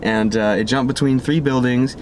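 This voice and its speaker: A man's voice: mid-range voice, fairly even intonation, normal speed, a little mellow, slight background noise. A young man hosting a car vlog, counting down his picks in a casual, blunt and opinionated way. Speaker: car channel host.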